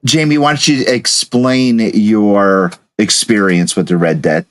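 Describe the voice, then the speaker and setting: A man's voice: on the low side, fairly even intonation, measured pace. A man co-hosting a casual chat show, rambling through his stories with stumbling restarts. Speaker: co-host.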